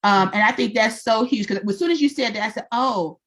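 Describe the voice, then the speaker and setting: A woman's voice: on the high side, fairly quick. A woman co-hosting a faith-based chat, telling her stories with animation and acting out what people said. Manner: animated storyteller, acts out quotes. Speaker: podcast co-host.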